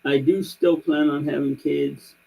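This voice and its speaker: A man's voice: fairly high pitch, fairly even intonation, measured pace, vocal fry, breathy edge, highs cut off. A man in his thirties on a livestream, rambling through a story with lots of fillers and restarts. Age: 30s. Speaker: streamer. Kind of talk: casual chat.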